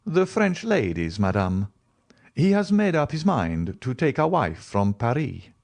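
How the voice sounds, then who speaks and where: A man voicing a composed, worldly nobleman who speaks in a smooth, measured, knowing way, in an audiobook reading. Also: mid-range voice, very animated, darkish tone, voice pushed up. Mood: assured. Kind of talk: audiobook character voice.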